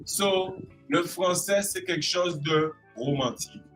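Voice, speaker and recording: A man's voice: high voice, measured pace, a bit bright, faint music behind, rough recording. A man from Guadeloupe with a Guadeloupean French accent, chatting in an interview and acting out expressions with playful voices. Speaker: creative arts specialist guest. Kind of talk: casual interview chat.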